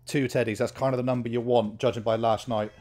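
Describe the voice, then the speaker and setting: Playing through a horror game, this young male commentator talks excitedly and chattily, whispering counts over and over between excited outbursts. He has a mid-range voice and a quick pace.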